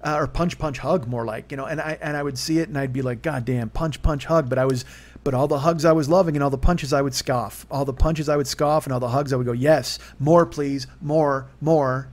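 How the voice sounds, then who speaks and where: A man's voice: mid-range voice, steady tone, quick pace. A man in his forties telling a personal story on his own, rambling and candid, his voice jumping up when he gets worked up. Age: 40s. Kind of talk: confessional solo monologue.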